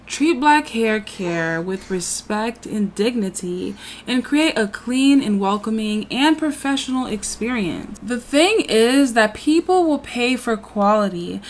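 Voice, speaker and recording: A woman's voice: fairly high pitch, slight background noise. A woman hosting a casual storytime, talking to her viewers in a conversational way and calling them y'all. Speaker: channel host.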